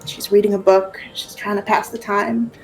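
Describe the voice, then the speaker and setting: A woman's voice: medium pitch, little pitch movement, moderate pace, gravelly, faint music behind, low-quality recording. Woman game master narrating casually.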